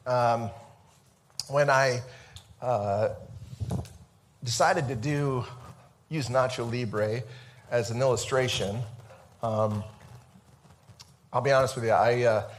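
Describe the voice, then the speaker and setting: A man's voice: medium pitch, slow pace, pauses often, slight background noise. Male pastor, mid-range voice, informal sermon on a church mic, rambling and conversational. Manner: conversational, chatty, with many fillers and restarts. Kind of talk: casual sermon. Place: church sanctuary. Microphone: amplified microphone.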